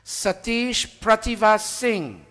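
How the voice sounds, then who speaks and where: Man, high voice, bright tone, casual announcer checking with the crowd, long hall reverb. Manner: chatty, pauses to ask the audience and admits forgetting names. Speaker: announcer reading out donor names at a temple gathering. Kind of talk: informal announcements to a congregation. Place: temple hall.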